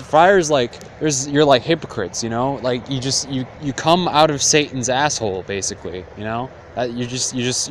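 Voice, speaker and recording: A man voicing a mocking summoner trading profane, low-key trash talk like a rap battle. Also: slight background noise, natural voice. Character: mocking rival male summoner, trash-talking rapper.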